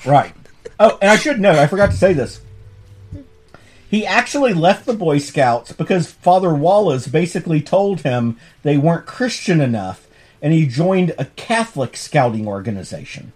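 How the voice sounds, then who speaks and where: Male professor host, casual lecture tone, animated and bouncy, slightly raised pitch, amused. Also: normal speed, breathy edge. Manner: animated, amused storytelling with frequent restarts. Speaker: professor hosting a comics course podcast.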